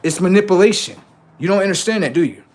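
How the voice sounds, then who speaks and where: A man's voice: high voice, expressive, fast, a little mellow. A man on a live stream, chatting casually and swearing, then lecturing his viewers insistently about number codes.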